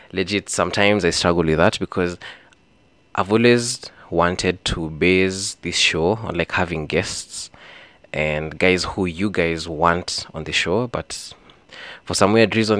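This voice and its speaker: A man's voice: low-pitched, a bit bright, no echo. A young Kenyan man with a Kenyan accent hosting a solo podcast, chatting casually and mixing in slang and Swahili phrases. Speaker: podcast host.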